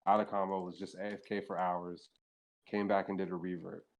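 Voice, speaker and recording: Low-voiced man telling rambling stories. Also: level tone, a little fast, highs cut off. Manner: rambling, profane, heavy use of filler "like". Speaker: podcast guest. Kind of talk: casual storytelling chat.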